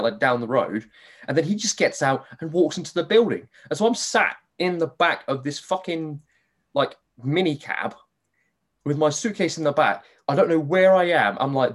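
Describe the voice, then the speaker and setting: A man hosting a podcast, telling a story in a lively casual way, swearing freely and acting out his own reactions. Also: fairly high pitch. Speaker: podcast host.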